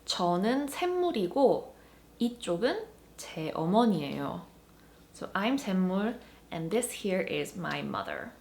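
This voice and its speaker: A woman gives an online grammar lesson at a brisk clip. Her voice rises and falls a lot as she acts out short example exchanges. She explains each point patiently. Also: medium pitch. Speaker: Korean language teacher.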